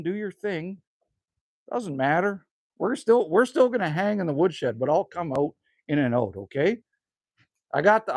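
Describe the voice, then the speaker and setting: A man's voice: a little high, creaky, no echo, studio quality. An older man from Canada with a Canadian accent, casually chatting with livestream viewers from his cabin woodshed and reading out their names. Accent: Canadian, with bits of Newfoundland. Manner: chatty, reads out viewer names and answers them. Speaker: livestream host.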